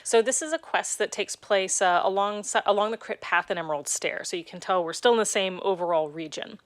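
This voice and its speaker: A woman game director calmly explaining a game in a preview video. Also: mid-range voice, no room sound. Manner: measured, explanatory.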